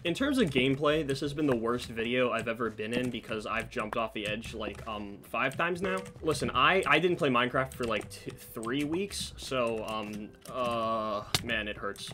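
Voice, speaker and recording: A man's voice: mid-range voice, moderate pace, few pauses. A man telling a story in casual commentary over his own gameplay, breaking off for asides about the match. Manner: storytelling while playing, animated asides. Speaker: gaming commentator.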